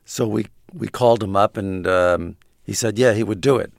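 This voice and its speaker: Man, interview guest, gravelly, low-pitched, halting anecdotes, dry studio. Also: no room sound. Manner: halting storyteller, laughs between lines. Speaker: guest, comedy writer and actor.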